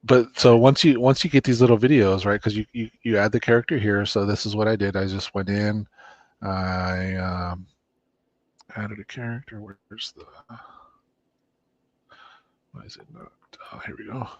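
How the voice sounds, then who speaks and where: A man hosting a casual chat while walking through a software demo, rambling with restarts and fillers. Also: on the low side, fairly even intonation, normal speed, long pauses, no echo, muffled recording. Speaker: co-host demoing software. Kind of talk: casual screen-share chat.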